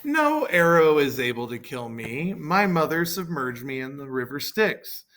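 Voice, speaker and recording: Brash taunting hero warrior read by a man, loud and bright-edged, mocking shouts. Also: on the low side, unhurried, smooth. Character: boastful invincible male warrior, taunting.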